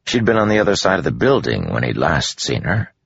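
Very deep, gravelly male narrator. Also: a little hiss or hum. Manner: measured, even storytelling. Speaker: audiobook narrator. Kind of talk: scripted narration. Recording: dull lo-fi audio.

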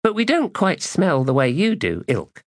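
A man performs a crude, mocking female mercenary in an exaggerated voice pitched above his natural range. It sits a little high and swings hugely in pitch, delivered at an unhurried pace. The recording is clean studio sound with no echo.

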